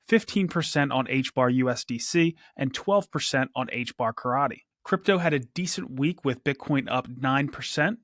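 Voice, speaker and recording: A man hosting a casual weekly crypto news chat, running briskly through market figures. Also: medium pitch, a bit bright, no echo, studio quality. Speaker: host.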